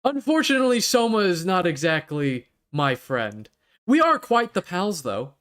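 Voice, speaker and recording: A man's voice: high voice, very animated, normal speed, a bit bright, clean tone, pitched above the performer's own voice. Man putting on a fussy castle-keeper, sing-song and swooping, polite to a fault, upper voice, tabletop game role. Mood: prissy. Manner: genteel, mannered and faintly sinister.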